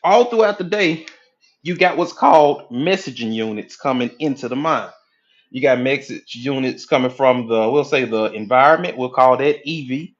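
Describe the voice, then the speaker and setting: A man coaching on mindset, lecturing at a whiteboard in an animated way and acting out inner voices with casual profanity. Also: medium pitch, moderate pace, dull audio. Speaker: hypnotherapy coach.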